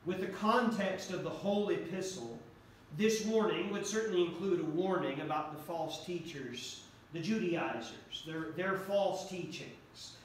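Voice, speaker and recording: A pastor preaching a sermon earnestly, repeating key phrases for emphasis. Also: male voice, high-pitched, unhurried, slight background noise. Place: church sanctuary. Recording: echoey church hall from far off.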